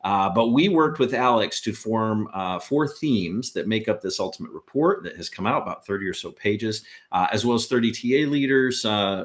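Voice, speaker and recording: Play a male podcast host with a lowish voice, loose and jokey, laughing easily and wandering into asides as he chats casually with his co-host. He keeps things light and conversational.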